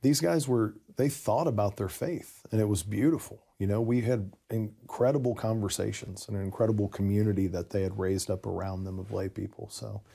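A man telling the story of his conversion in a casual interview, animated and self-interrupting, full of asides. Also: fairly low pitch, brisk, creaky, few pauses, breathy edge.

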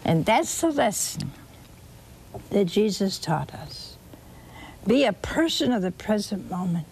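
A woman preaching a sermon, telling a scripture story slowly and expressively with dramatic repetition. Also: mid-range voice, sing-song, a little mellow, slight background noise.

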